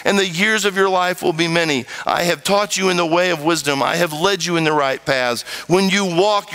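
Bright-voiced man preaching. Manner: dynamic, swings pitch widely, acts out voices and sounds. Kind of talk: sermon.

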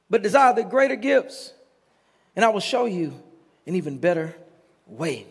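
High-voiced pastor preaching in a reverberant hall. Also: male voice, animated, moderate pace, gravelly, long pauses, slightly rough. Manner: preaching with call-and-response and chanted repetition. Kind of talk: sermon. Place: church sanctuary.

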